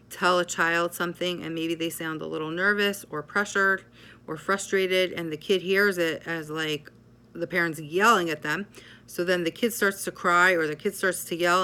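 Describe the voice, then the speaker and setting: Woman, psychotherapist, explanatory talk, measured, lower pitch, clear. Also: sharp tone. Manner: measured, explanatory, often checks in with "right?".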